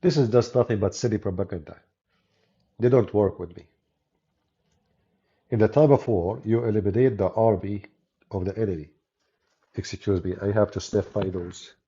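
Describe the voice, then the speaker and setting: A man from the Arab world, a native Arabic speaker with an Arabic accent, hosts a channel and debates while giving sarcastic, mocking live-stream remarks. His fairly low voice is mellow, moderately paced and broken by long pauses, on dull lo-fi audio.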